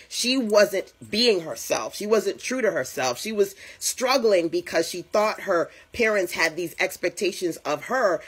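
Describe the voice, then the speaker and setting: Woman business coach on a live stream, slightly husky, casual and talks straight to her viewers. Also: medium pitch. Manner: chatty, greets viewers and addresses them directly. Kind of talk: live-stream motivational talk.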